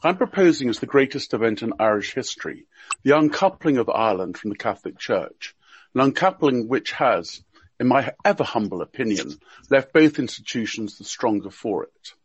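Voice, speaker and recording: Man, husky and wry, presenting a prepared talk over muffled call audio. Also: medium pitch, big pitch swings, normal speed, no room sound. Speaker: panelist presenting a topic. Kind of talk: prepared talk read aloud.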